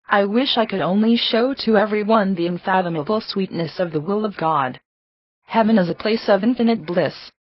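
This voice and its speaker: A woman reading a devotional book aloud in a measured, earnest and reverent way. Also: mid-range voice, breathy edge, no room sound. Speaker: reader. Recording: slightly dull, lo-fi recording.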